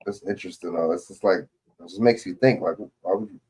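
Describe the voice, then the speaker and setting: A man's voice: sits low, fast, a little mellow, breathy edge. Rambling, profane male stream host. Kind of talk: casual reaction chat.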